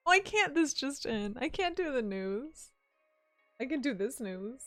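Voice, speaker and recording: A woman's voice: high-pitched, very animated, a little slow, fairly bright tone, faint music behind. A woman streaming a video game and chatting casually with her viewers, giggly and teasing. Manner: chatty, giggly, answers chat. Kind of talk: casual live-stream chat.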